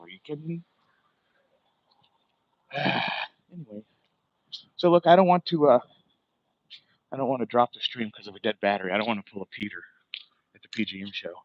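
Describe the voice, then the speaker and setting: A man's voice: medium pitch, muffled recording. A man hosting a casual walking livestream outdoors on a residential street, rambling and swearing as he chats. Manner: rambling, profane, chatty. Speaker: livestream host.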